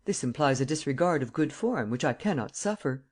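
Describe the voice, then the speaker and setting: An audiobook reader voicing a proud, cool-headed gentleman thief in a prison cell, polite and ironic. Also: mid-range voice, lively intonation, a little fast. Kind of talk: audiobook character reading.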